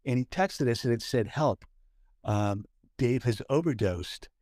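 A man's voice: mid-range voice, expressive, measured pace, darkish tone, no echo, studio quality. A man from Southern California co-hosting a casual podcast, telling a story with many fillers and restarts. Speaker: podcast co-host. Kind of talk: casual chat.

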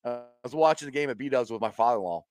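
A man hosting a casual sports chat who tells stories with lively quoted voices and laughs. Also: fast talker, dry recording, studio quality. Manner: animated storyteller, acts out quotes with high squeals and laughs. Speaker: podcast host.

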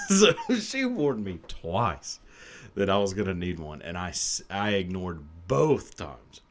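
A deep-voiced man tells a personal story on his podcast in a loose, rambling way. He swears freely and laughs often. His pitch swings wildly, from low mutters to high cackles. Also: big pitch swings, slow pace, fairly bright tone. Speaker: podcast host. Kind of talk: casual confessional storytelling.

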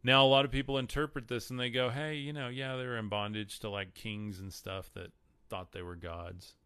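A man's voice: mid-range voice, level tone, normal speed, a bit bright, smooth, no echo. A man with a Texan accent hosting a live stream, chatting casually about the Bible and answering viewer comments. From Texas. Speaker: podcast host.

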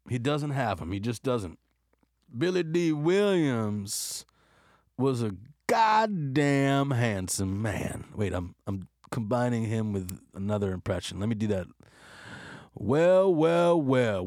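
A man in a casual movie review chat, excitable and profane, rambling from point to point. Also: medium pitch, no room sound, clean studio sound.

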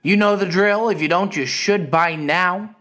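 A man hosts a casual live podcast with a rambling, loose storytelling manner. His voice sits notably high for a man. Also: a little slow, pushed and bright, soft background music. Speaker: podcast host.

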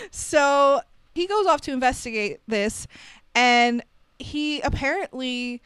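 A woman's voice: sits high, moderate pace, a bit bright, no echo. A woman co-hosting a podcast, casually recapping a film with wry asides and frequent laughter. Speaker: podcast co-host.

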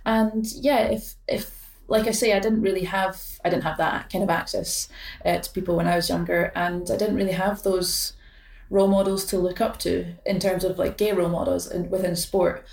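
Scottish woman late 20s, lowish voice, lots of ums and restarts, kinda far off the mic in a roomy space. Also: little pitch movement, moderate pace, gravelly, a little mellow. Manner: hesitant, many fillers and restarts. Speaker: professional badminton player, guest. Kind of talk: casual interview chat.

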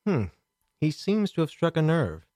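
Sarcastic commentator with lively delivery. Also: medium pitch, moderate pace, no room sound, clean studio sound. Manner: sarcastic, mocking asides. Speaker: commentary host. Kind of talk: sarcastic commentary over clips.

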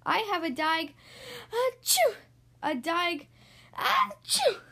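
A woman's voice: high voice, lively intonation, normal speed. A woman voicing a kind young girl who plays toy doctor, sweet and earnest, in a storybook reading. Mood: gentle.

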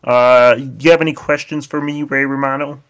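A man's voice: medium pitch, steady tone, moderate pace, fairly bright tone, clear, resonant tone, lightly acted. A man putting on a crude, mock-cheerful impression of a male comedy star. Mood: goofy.

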